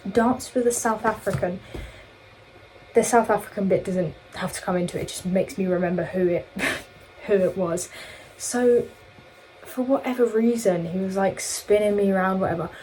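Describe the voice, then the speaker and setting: A young woman chatting through a long storytime for her vlog. She rambles, circles back and corrects herself mid-sentence in an easy, middle-pitched voice. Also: normal speed, dark tone, poor audio. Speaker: vlogger. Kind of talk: casual storytime chat.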